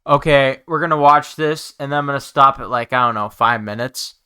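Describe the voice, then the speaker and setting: A man talking to his viewers while holding back tears, halting and restarting his words, sighing often. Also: mid-range voice, sharp tone, clean tone. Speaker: YouTuber. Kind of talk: emotional talk to camera.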